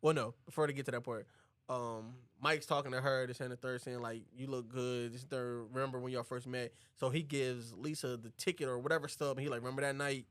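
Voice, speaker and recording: A man's voice: fast talker, smooth, no room sound. A man co-hosting a podcast, casually recapping a film and acting out the characters' lines. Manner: animated, acts out characters' lines in a high voice. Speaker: podcast co-host.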